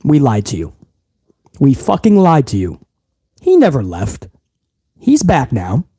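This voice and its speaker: A man's voice: mid-range voice, huge pitch swings, a little slow, warm tone, husky, no echo, studio quality, pitched below the performer's own voice, heavily acted. A man voicing a sheepish male wrestling executive who mumbles a blunt confession.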